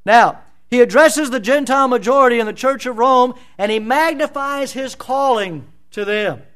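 In a church, a man with a very high-pitched, smooth, fairly bright voice preaches an expository sermon at normal speed. He is emphatic, fills it with rhetorical questions, and voices scripture dramatically.

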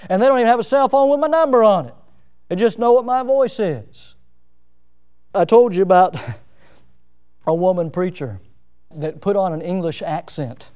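A man preaching a sermon in a high, smooth, resonant voice. He is middle-aged and talks in a folksy, down-to-earth way. His delivery is animated and often pokes fun at himself. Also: moderate pace. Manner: folksy, self-mocking humor with lively emphasis.

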